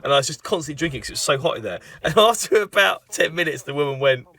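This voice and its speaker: Lively self-deprecating man telling a story. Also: fairly high pitch, fast, creaky, distant mic. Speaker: film writer giving commentary. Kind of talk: casual commentary storytelling.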